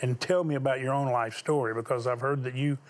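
A man from Texas hosting a TV talk show, asking questions in a relaxed, joking way. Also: medium pitch, brisk. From Texas, USA.

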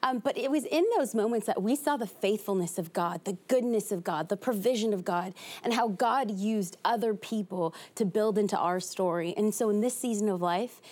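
A young woman from East Los Angeles, a guest on a TV talk show, talking fast and with animation about her life. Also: mid-range voice, darkish tone. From East Los Angeles, USA.

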